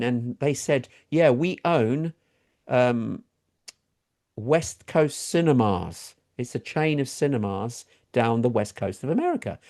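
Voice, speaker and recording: A middle-aged man from England, telling a story in casual chat as a talk show co-host and doing high voices for quoted people. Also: a little mellow.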